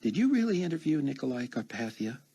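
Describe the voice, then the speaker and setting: A man voicing a teasing young woman college student, bright and quick-witted. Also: mid-range voice, sing-song, slightly rough, voice pushed up. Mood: playful.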